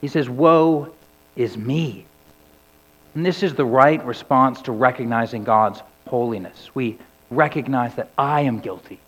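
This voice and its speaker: A man preaching a sermon. His delivery sinks low and soft on key words and climbs to loud cries when he quotes scripture. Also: moderate pace, hardly any pauses. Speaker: pastor. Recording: dull recording with long hall reverb.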